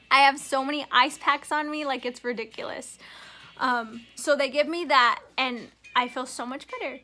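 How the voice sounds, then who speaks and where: A woman's voice: sits high, sharp tone. A young woman vlogger telling a personal story in a chatty, giggly way, full of "like". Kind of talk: casual storytelling.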